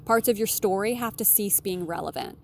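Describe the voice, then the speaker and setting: A woman relationship consultant giving blunt, candid advice in a solo monologue, swearing casually and jumping up in pitch for emphasis. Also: brisk, a little hiss or hum. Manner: animated, with sudden emphatic jumps in pitch.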